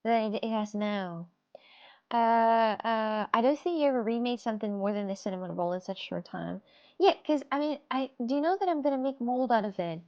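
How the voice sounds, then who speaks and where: A woman's voice: on the high side, moderate pace, highs cut off. Rambling woman streamer chatting to viewers. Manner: rambling, repeats herself, talks to chat. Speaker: streamer making clay cinnamon rolls. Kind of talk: casual live-stream chat.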